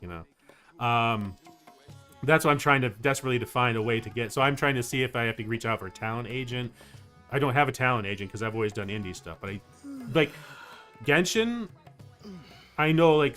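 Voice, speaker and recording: A man chatting casually on a game livestream, rambling and excitable, with many fillers. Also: mid-range voice. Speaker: VTuber streamer. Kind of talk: casual livestream chat while gaming.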